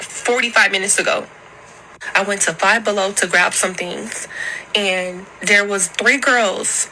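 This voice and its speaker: A young woman with a strikingly bright, sharp-edged voice tells her story straight to camera. She sounds upset and heated, blunt and free with her swearing. Her pitch sits in an ordinary middle range. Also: slight background noise, low-quality recording. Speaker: vlogger recounting an incident.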